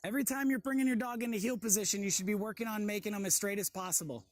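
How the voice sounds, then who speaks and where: A man working as a dog trainer, patiently explaining steps and giving quick cues to a student. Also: high voice, no room sound. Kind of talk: coaching a training session.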